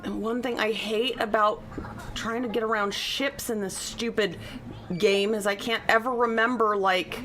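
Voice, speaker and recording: A woman's voice: fairly high pitch, steady tone, a little slow, a bit bright. A woman streaming a video game, chatting casually, laughing often and trailing off mid-sentence. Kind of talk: casual live-stream chat.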